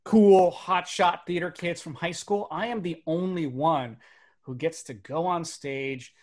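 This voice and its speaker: A man in his thirties tells stories from his life as a magician, performing for a virtual audience through a webcam. His voice sits a little high, and he swings between animated comic timing and hushed, serious moments. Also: unhurried. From Burbank, United States. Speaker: magician and motivational speaker. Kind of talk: stand-up storytelling for a virtual audience. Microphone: webcam setup.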